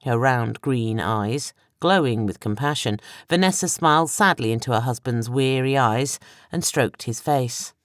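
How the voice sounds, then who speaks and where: A woman reading an audiobook in a measured, even storytelling voice. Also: extremely low pitch, no room sound, clean studio sound. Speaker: audiobook narrator. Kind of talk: scripted narration.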